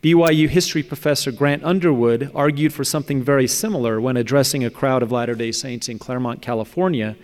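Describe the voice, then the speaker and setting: Man, mid-pitched voice, measured academic reading, long hall reverb, conference talk. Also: darkish tone. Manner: measured, academic, with occasional slips and restarts. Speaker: speaker presenting a paper on religious apologetics. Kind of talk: reading a prepared talk aloud.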